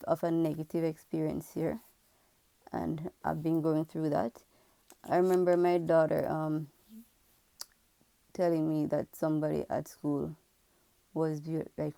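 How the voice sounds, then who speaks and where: A woman's voice: deep voice, creaky, dark tone, dry recording. A woman from Jamaica who works as a pharmacist, telling her own story to camera in a frank, earnest, reflective way. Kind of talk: candid personal storytelling to camera.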